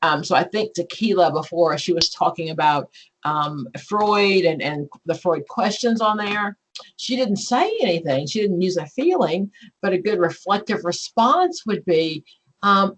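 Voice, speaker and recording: A woman, teaching an exam prep class in a chatty, animated way. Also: on the low side, unhurried, breathy edge, low-quality recording. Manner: chatty and animated, acts out client scenarios. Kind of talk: live online class lecture.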